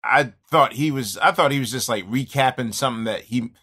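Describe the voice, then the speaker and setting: A man's voice: medium pitch, a little fast, bright, forceful tone. A man in casual chat, telling a rambling, reflective story full of restarts.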